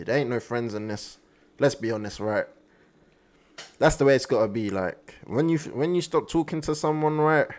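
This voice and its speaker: A man hosting an anime reaction video, talking in an excitable, slangy way straight to his viewers. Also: medium pitch. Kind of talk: casual reaction commentary.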